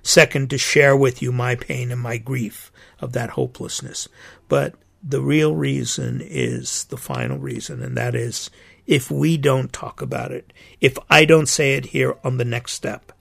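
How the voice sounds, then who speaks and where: A man's voice: medium pitch, expressive, a little slow, gravelly, fairly bright tone. A middle-aged man, a priest hosting his own podcast, speaking in an earnest, indignant and emphatic monologue.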